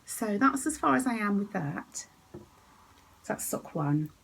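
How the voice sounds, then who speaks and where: A woman hosting her knitting podcast from home, chatting and giggling, often dropping into a soft whisper. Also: mid-range voice, very animated, takes it slowly, creaky, breathy edge, poor audio. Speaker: podcast host. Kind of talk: casual chat about knitting.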